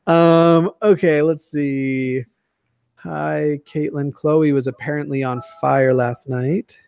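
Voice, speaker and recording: A man's voice: on the high side, fairly even intonation, slow pace, creaky, a little mellow, clear, resonant tone, no echo, clean studio sound. A man in his twenties from the Denver area, a guest chatting casually in a profane, joking, rambling way. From Denver area, USA. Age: 20s. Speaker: guest YouTuber. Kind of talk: casual chat.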